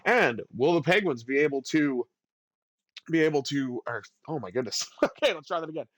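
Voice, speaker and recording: A man hosting a video game channel, giving excitable play-by-play commentary that jumps up on big plays. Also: a little high, normal speed, no echo.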